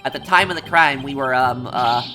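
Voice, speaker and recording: A man's voice: medium pitch, normal speed, pushed and bright, soft background music, lightly acted. A man voicing a timid, nervous male sidekick who stammers and hesitates.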